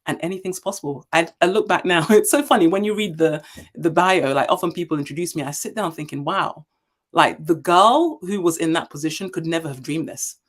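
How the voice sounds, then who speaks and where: A woman in her forties from Nigeria, a leadership speaker telling her story as a guest in an interview, emphatic and animated. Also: low-pitched, fairly quick. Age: 40s.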